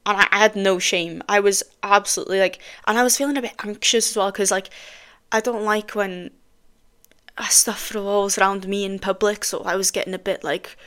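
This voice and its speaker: A woman hosting a podcast, telling a personal story in a chatty, animated way with frequent ums and casual swearing. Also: mid-range voice, a little fast, clear, resonant tone. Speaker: podcast host.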